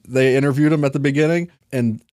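A man's voice: mid-range voice, fairly even intonation, fast, darkish tone, no echo, studio quality. A man co-hosting a comedy podcast, rambling in casual chat and laughing often. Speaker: podcast co-host.

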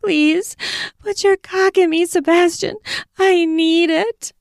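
A woman voicing a breathless young woman who pleads in a high, needy voice. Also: fairly even intonation, takes it slowly, gravelly, no room sound, studio quality, exaggerated voice. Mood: pleading.

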